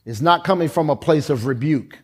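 High-voiced man preaching a sermon. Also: breathy edge. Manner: slow emphatic preaching with dramatic pauses and repetition.

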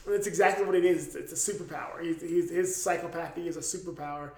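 Man, 30s, fighter on a casual podcast; slightly high, profane, rambling, echoey room. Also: fairly even intonation, fast. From Ohio. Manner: loose, profane, rambling with many restarts. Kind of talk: casual chat.

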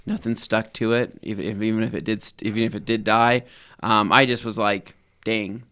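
A man co-hosting a podcast, telling stories in a rambling, animated way with lots of fillers. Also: lowish voice, normal speed, clean tone. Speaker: podcast co-host. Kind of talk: casual chat.

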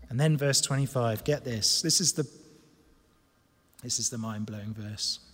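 A man preaching a sermon in a church hall, animated and emphatic, moving from loud emphasis to hushed stress. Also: mid-range voice, normal speed, long pauses, slightly rough. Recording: long reverb of a large hall.

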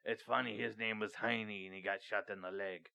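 A man co-hosting a comedy podcast, making crude deadpan jokes. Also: lowish voice, normal speed, gravelly. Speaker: podcast co-host. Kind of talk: casual comedy podcast chat.

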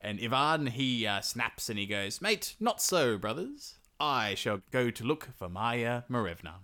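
On a podcast, a man casually retells a folk tale with animated storytelling, acting out the characters' lines. His mid-range voice is smooth and unhurried.

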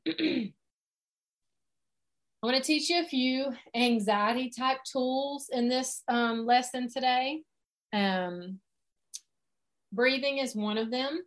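A middle-aged woman, teaching as a life coach in an earnest, direct, conversational way. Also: on the high side. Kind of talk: informal teaching monologue.

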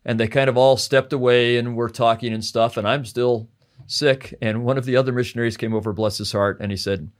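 A man who teaches scripture, a podcast guest, talking through a passage in a heartfelt, reflective way and slowing down to stress key phrases. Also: mid-range voice, fairly even intonation. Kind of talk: conversational scripture discussion.

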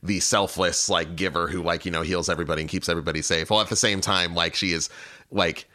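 A man's voice: sits low, steady tone, fast, bright, forceful tone. A young man co-hosting a casual anime review chat, sarcastic, laughing often and swearing. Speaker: podcast co-host.

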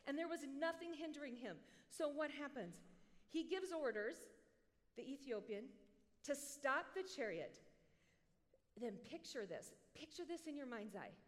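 A woman preacher giving a sermon in an animated, conversational way, with joking asides, in a large hall. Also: high-pitched, unhurried. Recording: long hall reverb.

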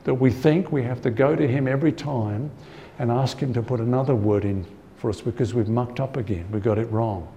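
A man's voice: mid-range voice, fairly quick, hardly any pauses, warm tone, highs cut off, slight background noise. A man preaching a Bible-teaching sermon in a conversational way, repeating his key points and often saying "you know.".

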